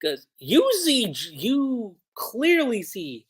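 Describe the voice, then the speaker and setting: A livestream host recapping manga chapters in a casual, excited way, chatty with frequent laughs and lots of "like" fillers. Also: mid-range voice, slow pace, slightly rough.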